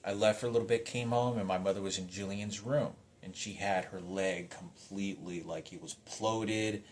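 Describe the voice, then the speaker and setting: A man with a fairly low voice tells a personal story in a loose, rambling monologue. He trips over his words, restarts his sentences and swears often, and the emotion stays close to the surface. A faint room ambience sits behind him. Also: fairly even intonation, moderate pace, a little hiss or hum. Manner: agitated, rambling, heavy swearing.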